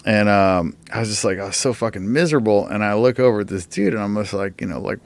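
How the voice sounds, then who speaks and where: A man's voice: on the low side, fast, vocal fry. A man telling a long story as a podcast guest, swearing often and filling his speech with "like" and "you know". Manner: profane, filler-heavy storytelling. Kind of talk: casual storytelling. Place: podcast studio.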